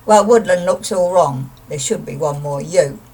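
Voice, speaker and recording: A woman's voice: fairly low pitch, moderate pace, dark tone, breathy edge, far from the mic. A woman doing a cheeky combative rat. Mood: scoffing. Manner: blunt, combative. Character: scrappy, cheeky male rat.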